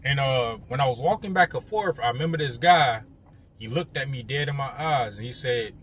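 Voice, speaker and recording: Telling a story straight to his audience, a young man keeps things casual, frequently addresses viewers directly, and uses many fillers. His voice is mid-range and a bit bright, moving at a moderate pace over slight background noise.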